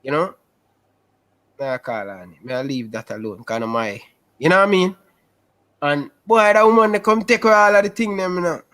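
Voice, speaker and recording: A young man with a Jamaican Patois accent, telling his life story in a casual interview over a video call, animated and repetitive. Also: sits high, brisk, pauses often. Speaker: interview guest.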